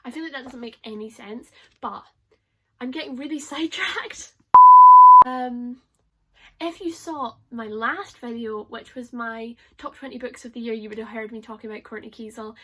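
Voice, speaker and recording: A young woman vlogging about books in a chatty, excitable way, laughing often. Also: a little high, moderate pace, background noise. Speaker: book vlogger. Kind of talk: casual chat to camera.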